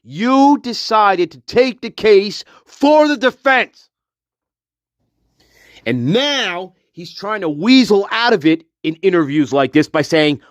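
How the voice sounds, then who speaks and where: A man gives angry true-crime commentary, profane and contemptuous, calling names and dragging out his insults slowly. His voice is high-pitched and expressive, with no echo.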